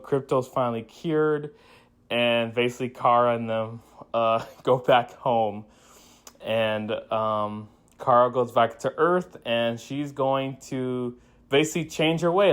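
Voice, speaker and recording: Man, casual movie reviewer, rambling recap, frequent restarts, acts out quotes, mid-pitched voice. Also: smooth. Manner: laughs and acts out quoted lines.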